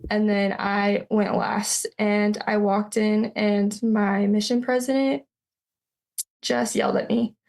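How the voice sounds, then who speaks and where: A woman in her twenties recounting a personal story as a podcast guest, halting, with many fillers and restarts. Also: mid-range voice, creaky, darkish tone. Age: 20s.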